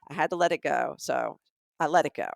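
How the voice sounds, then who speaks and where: Middle-aged Southern woman, comic podcast storyteller, slightly low voice. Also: a little fast, vocal fry, no echo, clean studio sound. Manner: animated, acts out the dialogue of people in her stories. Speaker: podcast co-host. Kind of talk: comedic storytelling.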